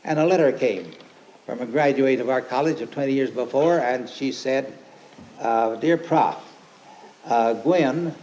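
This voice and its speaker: An older man preaching an informal, rambling sermon, folksy and emphatic, who turns forceful when he quotes scripture. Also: mid-range voice, a little slow. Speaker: lay preacher and teacher. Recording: dull lo-fi archive recording with faint hiss.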